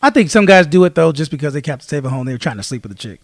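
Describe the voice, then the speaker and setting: A man's voice: on the high side, rapid-fire, no room sound, studio quality. A man co-hosting a podcast, chatting casually and acting out the people in his stories. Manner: animated storyteller, acts out voices of people in his stories. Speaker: podcast co-host. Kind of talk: casual chat, storytelling.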